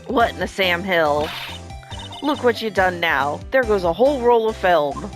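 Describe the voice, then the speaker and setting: Brief: brash, defensive Southern country woman voiced by a woman, put-on drawl, animated delivery. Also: fairly low pitch, measured pace, music in the background. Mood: gruff. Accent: put-on American Southern drawl. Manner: defensive, folksy, scolding.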